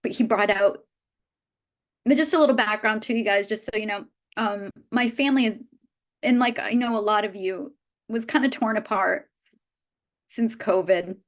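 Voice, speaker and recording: At normal speed but with frequent pauses, a woman in her fifties addresses her business team in an event room before a live audience. Her medium-pitched voice carries an earnest, heartfelt motivational message, and she often restarts sentences.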